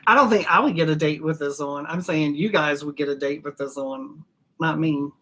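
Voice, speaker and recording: A woman's voice: sits low, moderate pace, a bit bright. A middle-aged woman teaching perfume blending in a chatty, gushing tutorial, drifting off topic and spelling ingredient names letter by letter. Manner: gushing, emotional, chatty and digressive. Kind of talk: casual home-studio tutorial.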